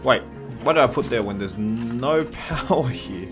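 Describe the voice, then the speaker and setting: A man's voice: medium pitch, animated, measured pace. A man from Massachusetts giving casual, rambling let's-play commentary and chatting to the animals on screen. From Massachusetts, USA. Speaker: gameplay commentator. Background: faint game soundtrack music.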